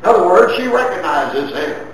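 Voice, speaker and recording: A man from the United States preaching a sermon with slow, deliberate, emphatic phrasing. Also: sits high, big pitch swings, recorded from a distance, slight background noise. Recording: very echoey room, voice from afar.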